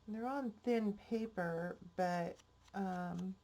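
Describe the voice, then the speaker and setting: Older lady crafter rambling slow and easy, mellow tone, kinda stuffy nose. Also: mid-range voice. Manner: chatty, rambling, homespun. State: stuffy-nosed. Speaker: crafting channel host. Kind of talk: casual crafting vlog chat.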